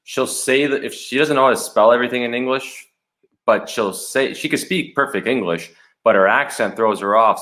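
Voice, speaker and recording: A young man from Canada, a hockey goalie appearing as a guest on a podcast, telling stories in a relaxed, chatty way and laughing often. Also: medium pitch. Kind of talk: casual podcast chat.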